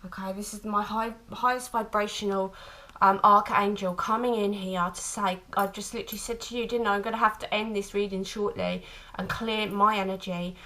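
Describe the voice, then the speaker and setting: A woman giving an intuitive tarot reading to camera, speaking tenderly and haltingly, with frequent restarts. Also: medium pitch, fairly even intonation, bright, forceful tone, poor audio. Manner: tender, calls listener "my lovely"; halting, many restarts and fillers. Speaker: tarot reader.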